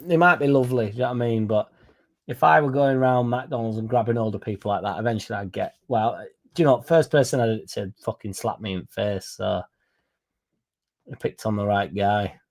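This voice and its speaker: A man's voice: fairly low pitch, fairly quick, darkish tone. A young man telling a rambling, sweary story to his livestream viewers in a blunt, casual way. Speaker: football fan streamer.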